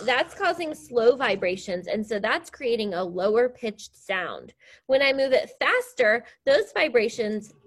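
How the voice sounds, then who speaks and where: A fairly high-voiced woman teaching a science lesson to young students. She explains each step clearly and sounds upbeat and encouraging. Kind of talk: classroom science demonstration.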